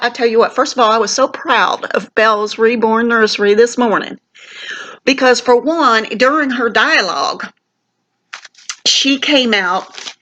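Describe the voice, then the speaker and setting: A woman's voice: on the high side, pushed and bright. An older woman, vlogging from a family home in a rambling, heartfelt way with many fillers, sick with a sinus infection. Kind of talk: casual rambling vlog.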